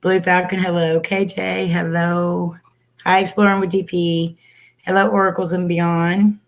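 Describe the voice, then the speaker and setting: A woman's voice: on the low side, level tone, unhurried, creaky. Chatty woman hosting a livestream. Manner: chatty, greets viewers by name. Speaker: livestream host. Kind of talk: casual livestream chat.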